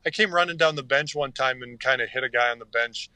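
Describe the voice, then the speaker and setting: Man, middle-aged, podcast guest, earnest rambling anecdotes, bright voice, dry sound. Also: mid-range voice, fast talker, dry recording. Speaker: podcast guest, former hockey player. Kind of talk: casual interview storytelling.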